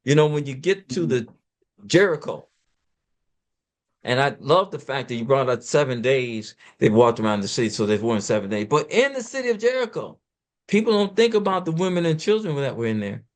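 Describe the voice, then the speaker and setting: A man of middle pitch talks through scripture like a preacher in conversation. He quotes verses and then drives his points home with emphatic rises and drops, sometimes rushing ahead quickly. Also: big pitch swings. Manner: talks fast at times.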